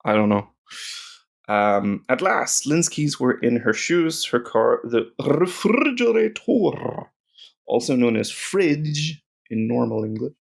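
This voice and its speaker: Brief: Northern Irish male tutor, mid-pitched, gravelly, rambling and informal. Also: unhurried. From Northern Ireland. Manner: rambling, chatty, with frequent ums. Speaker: language teacher. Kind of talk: casual language lesson.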